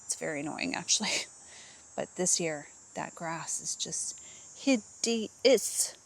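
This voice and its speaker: A woman's voice: deep voice, animated, slow, vocal fry. Woman, casual cleaning vlog, rambling, self-mocking, home indoors and yard, camera mic. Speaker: vlogger, housewife. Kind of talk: casual chat while cleaning.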